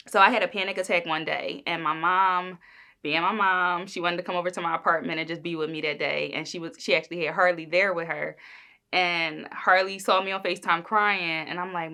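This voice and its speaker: Bright-voiced young woman chatting casually. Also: lowish voice, a little fast. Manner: chatty and rambling, with many fillers and likes. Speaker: podcast host. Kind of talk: casual solo podcast chat.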